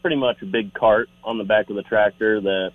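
A man's voice: fairly low pitch, steady tone, brisk, no echo, narrow, tinny audio. A man taking part as a contestant on a radio quiz, answering in a hesitant, casual way.

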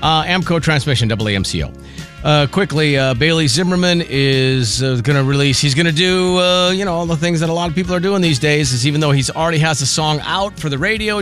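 A man's voice: fairly high pitch, fast talker, a bit bright, faint music behind. A man co-hosting a morning radio show, chatting easily, laughing along and reading show plugs and entertainment news. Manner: easygoing, laughs often, reads show plugs. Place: radio studio. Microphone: studio microphone.

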